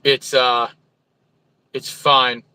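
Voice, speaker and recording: A man's voice: mid-range voice, level tone, extremely slow, pushed and bright, smooth, no room sound, poor audio. A man from New Jersey with a New Jersey accent, a truck driver chatting casually on a livestream, reading viewer comments and greeting viewers by name from a truck stop.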